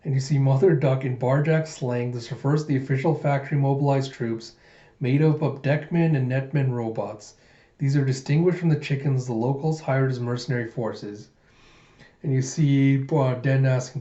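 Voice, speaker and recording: A man's voice: mid-range voice, fairly even intonation, normal speed, mellow. A man narrating a manga readthrough in a casual, rambling way with many fillers. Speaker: manga reader. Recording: echoey, dull lo-fi room.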